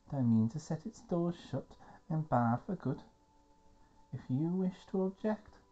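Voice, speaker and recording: A man's voice: on the high side, warm tone, lo-fi sound, pitched above the performer's own voice. A man voicing a haughty, scornful male elf lancer in a mock Scouse accent, reading game text aloud.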